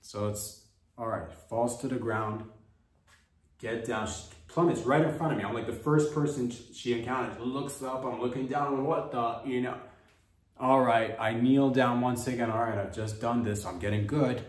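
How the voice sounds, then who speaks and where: A man telling a rambling, animated comic story as a podcast host, swearing freely. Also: mid-range voice, moderate pace. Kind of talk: comedic storytelling. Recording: echoey room, distant mic.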